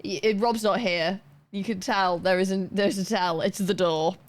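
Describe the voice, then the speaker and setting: A woman's voice: medium pitch, fairly even intonation, a little slow. A young woman livestreaming, chatting casually and rambling as she reads chat aloud and thanks viewers.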